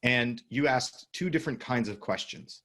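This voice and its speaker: A man's voice: medium pitch, moderate pace, fairly bright tone. Conversational man hosting a training talk. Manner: conversational, leads with questions, frequent restarts. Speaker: host. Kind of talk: casual training discussion.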